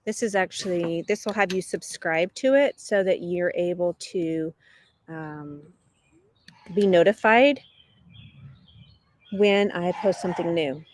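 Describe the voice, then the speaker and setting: Brief: middle-aged woman, English teacher on a live stream, unhurried, laughs between chat replies, dogs barking nearby. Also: fairly low pitch. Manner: chatty, reads viewer comments aloud and answers them; laughs often between remarks.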